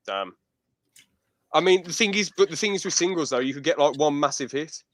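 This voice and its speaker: A man's voice: on the high side, lively intonation, fairly quick, a bit bright, no echo. A man hosting a podcast over a video call, chatting casually and rambling as he corrects himself. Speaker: podcast host. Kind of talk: casual chat.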